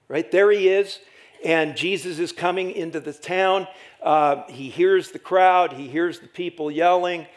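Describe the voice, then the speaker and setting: A middle-aged man preaching a sermon as pastor, animated and rhetorical, often tagging lines with "right?". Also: on the high side. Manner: animated, rhetorical "right?" asides, dramatic acted quotes.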